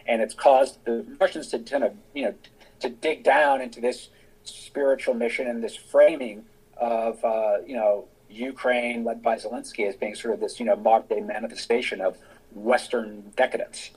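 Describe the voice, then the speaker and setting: A man's voice: medium pitch, fairly even intonation, normal speed, a little mellow, breathy edge, poor audio. A middle-aged American man, a guest on an interview podcast, explaining his views in a discursive, thinking-aloud way. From United States. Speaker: guest, author and veteran.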